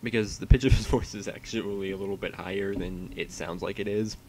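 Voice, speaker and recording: Streaming alone, a man rambles in a profane, self-mocking way as he waits for his stream to start, just casual solo livestream chatter. His voice is lowish, steady, fairly quick, and a little mellow, with a little hiss or hum in the audio.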